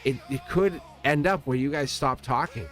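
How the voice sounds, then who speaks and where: A man's voice: medium pitch, moderate pace, soft background music. Earnest rambling male tarot reader. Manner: earnest, rambling, repeats phrases, self-corrects. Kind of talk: live tarot reading to viewers.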